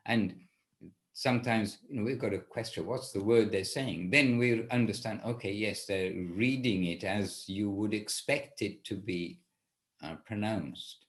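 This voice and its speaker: A man's voice: on the low side, a little slow. A man teaching an informal class, talking in a rambling way and often correcting himself. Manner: rambling, self-correcting, with restarts. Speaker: spiritual teacher leading a class.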